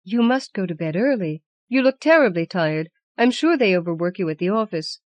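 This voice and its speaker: A woman's voice: mid-range voice, expressive, a little fast, no echo, muffled recording, close to an everyday voice. A woman reading the lines of an anxious young wife in an audiobook, urgent and coaxing.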